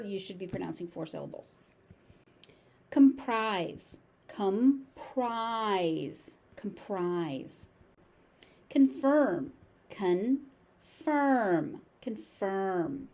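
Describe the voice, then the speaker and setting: A woman with a General American accent teaching pronunciation, saying each word slowly, sometimes syllable by syllable. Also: medium pitch, lively intonation, dark tone. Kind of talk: slow, deliberate pronunciation lesson.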